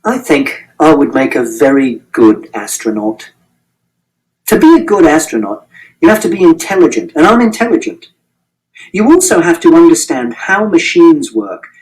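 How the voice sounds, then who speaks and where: A man's voice: fairly high pitch, a little mellow, distant mic, rough recording. A man reading a novel aloud in first person, in a plain, matter-of-fact, literal way. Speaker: audiobook reader.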